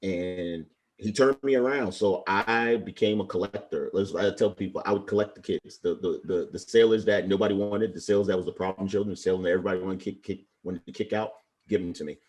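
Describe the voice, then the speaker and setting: A retired Navy chief from Brooklyn, a man in his forties, speaks a little fast in a deep, slightly mellow voice. He tells his stories with passion and earnest feeling in a casual interview setting.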